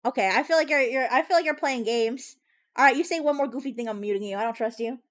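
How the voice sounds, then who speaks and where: A young woman chatting casually on a live stream as a VTuber, teasing her chat and laughing between quick asides. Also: high-pitched.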